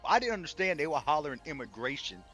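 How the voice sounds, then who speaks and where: A man in his forties telling a profane, animated story in casual chat on a game stream. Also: on the high side, quick pace, music in the background.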